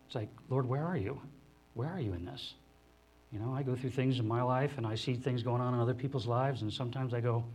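A man preaching a sermon to a congregation in a conversational, animated way, often acting out the voices of others. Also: a little hiss or hum. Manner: animated, acts out the disciples' voices in higher pitch; conversational, with restarts and asides to the congregation. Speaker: pastor. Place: church hall before a congregation.

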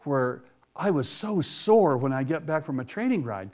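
A middle-aged man preaching a conversational sermon, folksy and quick to laugh as he tells stories. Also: a little high, lively intonation, darkish tone.

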